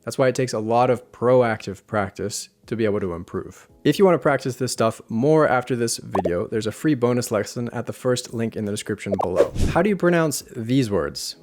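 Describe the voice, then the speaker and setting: A man teaching Spanish pronunciation in English, speaking clearly and deliberately and repeating example words slowly. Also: mid-range voice, animated. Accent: American English. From United States. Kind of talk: scripted online lesson.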